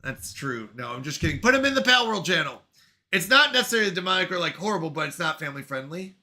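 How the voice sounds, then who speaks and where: A man in his thirties with a high, very bright voice, hosting a casual live stream. He reads viewer messages aloud and answers each one with quick, animated reactions, thanking people and apologizing for falling behind. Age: 30s. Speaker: streamer reading chat.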